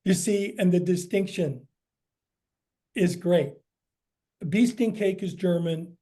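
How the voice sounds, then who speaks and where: A man's voice: sits high, slow pace, warm tone. An American man, a cookbook author, answering audience questions in a chatty, explanatory way with frequent fillers. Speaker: guest speaker, cookbook author. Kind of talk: lecture Q&A.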